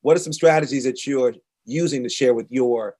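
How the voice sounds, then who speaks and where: Animated male interview host. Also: medium pitch, moderate pace. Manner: animated, restarts and repeats himself. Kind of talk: conversational interview.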